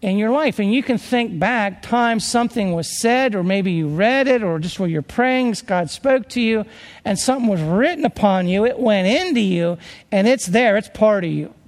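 A high-pitched man delivers a sermon in a loose, conversational way, stopping to restart and search for words. His voice carries a long hall reverb. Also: animated, moderate pace. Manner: rambling, conversational, with many restarts and fillers. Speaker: preacher.

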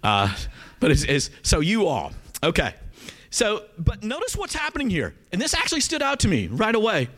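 Speaking in a high voice at a moderate pace, a Southern-accented male pastor delivers an animated sermon. He addresses the congregation directly, frequently asking "okay?" to check in.

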